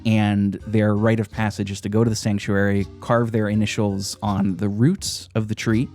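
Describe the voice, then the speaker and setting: A man's voice: lowish voice, level tone, moderate pace, a little mellow, soft background music. A man hosting a podcast, casually retelling a game's story, laughing often and swearing now and then. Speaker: podcast host.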